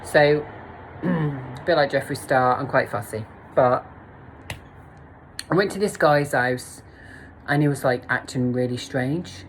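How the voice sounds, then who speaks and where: A woman's voice: extremely low pitch, takes it slowly, long pauses, slight background noise, low-quality recording. Sweary woman telling stories. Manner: blunt, sweary, laughs at herself. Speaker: vlogger. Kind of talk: candid storytime monologue.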